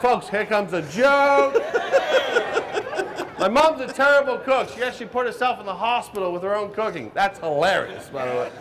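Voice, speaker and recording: Brash high-voiced comedian over crowd noise. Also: male voice, animated, fast talker, hardly any pauses. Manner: brash, teasing the audience. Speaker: stand-up comedian and cooking show host. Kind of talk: live stand-up comedy to a crowd. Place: outdoor stage at a crowded show. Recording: live crowd and hall noise.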